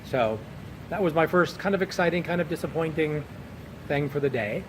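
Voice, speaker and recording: A man's voice: a little high, animated, normal speed, background noise. A man chatting casually as a vlogger, telling a rambling, chuckling story while outdoors on a bench at night. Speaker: pipe-smoking vlogger. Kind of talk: casual chat.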